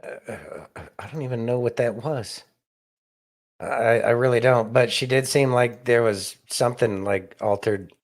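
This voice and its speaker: A man's voice: medium pitch, fairly even intonation, a little slow. A man hosting a podcast, delivering rambling, opinionated political commentary with sarcastic asides. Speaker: podcast host.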